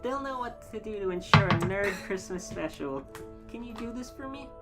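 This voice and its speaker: A woman voicing a bossy, weary wife in a comic fan-fiction reading, measured and dry. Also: medium pitch, animated, loud music behind the voice, natural voice. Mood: pleading. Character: stern wife of a sick man, weary, bossy.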